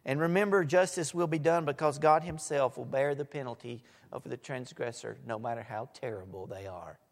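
A man preaching a sermon, swinging from soft asides to loud, emphatic lines. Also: mid-range voice, normal speed. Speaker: pastor. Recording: echoey hall.

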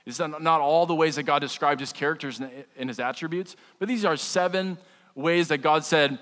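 A man with a slightly high voice preaches to his congregation in a relaxed, joking way, often restarting his sentences. His voice rings out with a long reverb, as in a large church sanctuary. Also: a little fast. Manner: conversational preaching with humor and repeated restarts. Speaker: pastor. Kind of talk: sermon.

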